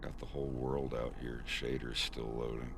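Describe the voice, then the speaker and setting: A man's voice: a bass voice, little pitch movement, moderate pace. A man casually explaining his animation on a stream, rambling with frequent restarts. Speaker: animator showing his work.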